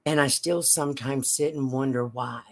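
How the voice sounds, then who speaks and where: A woman telling a personal story in a slow, halting, emotional way. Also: rumbling low, fairly even intonation. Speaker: vlogger.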